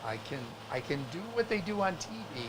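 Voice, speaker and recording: A man's voice: a little high, a little fast, background noise. A man from the Chicago area with a faint Chicago accent, co-hosting a craft livestream and telling a story in casual chat. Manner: chatty, animated storyteller with restarts.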